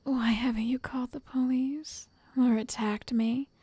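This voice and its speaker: A woman voicing a possessive, sweetly menacing witch in a soft, coaxing whispered role-play, close to the mic. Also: a little high, fairly even intonation, measured pace, breathy edge, dry recording.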